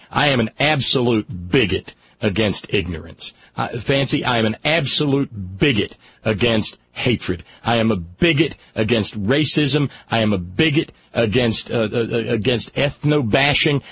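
Male radio host, heated and halting, mid pitch, slightly muffled broadcast audio with light hiss. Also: animated. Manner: stammering, restarts often, heated. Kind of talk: casual political talk radio chat. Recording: slightly dull radio audio with faint noise.

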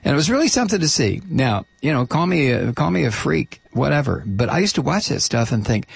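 A middle-aged man talks through a casual monologue, blunt and rambling, stopping often on hesitations and restarts. His voice sits at an ordinary pitch with a gravelly edge and a husky grain. The recording is dry and close. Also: sing-song, fairly quick, few pauses, dry recording.

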